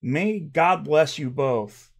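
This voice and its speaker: A man hosting his own commentary channel, heated and mocking, swinging between loud outbursts and quiet asides. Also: on the high side, animated, takes it slowly. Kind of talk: ranting commentary.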